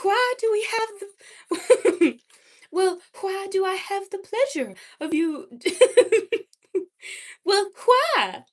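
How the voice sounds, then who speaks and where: A woman's voice: very high-pitched, very animated, drawn-out words, long pauses, voice pushed up, exaggerated voice. A woman voicing an affected old-Hollywood lady with a mid-Atlantic accent, stretching out theatrical little exclamations. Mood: gushing.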